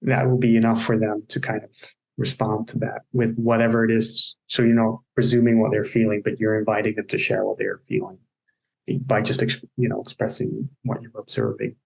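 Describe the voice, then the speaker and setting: A man's voice: on the low side, expressive, brisk, creaky, a little mellow, lo-fi sound. A man co-hosting a casual discussion on coaching. He explains ideas by walking through examples and anecdotes. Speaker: agile coach, podcast co-host.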